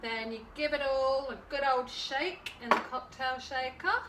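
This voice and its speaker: A woman's voice: sits high, unhurried, very noisy. A woman hosting a casual cocktail-making vlog at home, chatty and playful. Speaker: host.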